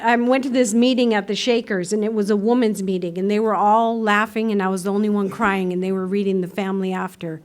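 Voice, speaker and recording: A woman speaking at a recovery meeting, telling her story in a lively way, acting out voices and laughing often. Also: a little high. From United States. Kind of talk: personal recovery talk. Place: meeting room.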